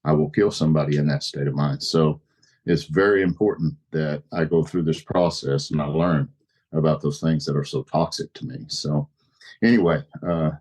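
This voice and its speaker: A man's voice: rumbling low, fairly even intonation, normal speed, darkish tone. A man speaking earnestly as a podcast guest, sharing his recovery story and repeating phrases for emphasis.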